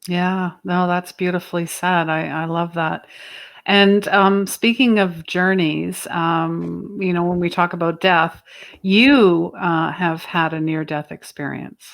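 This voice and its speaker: A woman hosting a podcast interview, affirming and gently encouraging her guest. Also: fairly low pitch, fairly even intonation, slow pace, creaky. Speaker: podcast host. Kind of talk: conversational interview.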